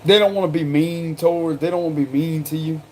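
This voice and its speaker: A man's voice: on the high side, fairly even intonation, fairly quick, darkish tone, a little hiss or hum. A man with a South Carolina accent doing a casual tarot card reading, slangy and chatty, breaking into laughter. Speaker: tarot reader.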